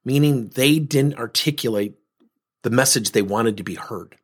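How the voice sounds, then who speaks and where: A man's voice: mid-range voice, moderate pace, husky. A man hosting a coaching podcast, talking animatedly with rhetorical questions and acted-out quotes. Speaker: leadership coach and podcast host. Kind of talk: solo coaching talk.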